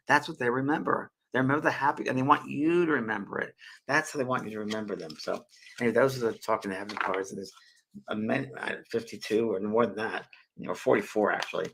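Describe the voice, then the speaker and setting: A man's voice: mid-range voice, creaky, sharp tone, breathy edge, poor audio. A middle-aged man hosting a spiritual live show, chatty and prone to getting emotional and tearful as he talks to viewers at a desk mic. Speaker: spiritual medium and show host. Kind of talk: casual live-stream talk.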